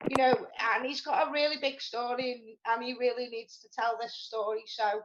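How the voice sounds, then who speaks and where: A woman, high-pitched and chatty, rambling excitably as she co-hosts a live stream. The audio is dull and lo-fi. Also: normal speed. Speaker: show co-host. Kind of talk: casual live-stream chat.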